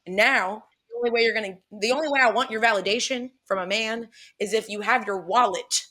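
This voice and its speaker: Bright, foul-mouthed woman telling a story. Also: on the high side, a little fast. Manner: profane, blunt and animated; laughs often. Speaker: podcast co-host. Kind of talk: casual storytelling chat.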